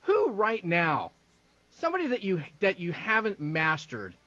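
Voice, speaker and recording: A man's voice: sits high, huge pitch swings, unhurried, sharp tone, no echo, lo-fi sound. A male host asking a guest questions eagerly in a casual interview. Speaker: show host.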